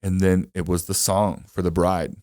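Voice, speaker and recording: A man's voice: sits low, level tone, normal speed, a little mellow, no echo, studio quality. A man co-hosting a podcast, recounting his wedding day in casual chat, emotional and full of fillers. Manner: emotional storytelling with lots of fillers. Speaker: podcast co-host.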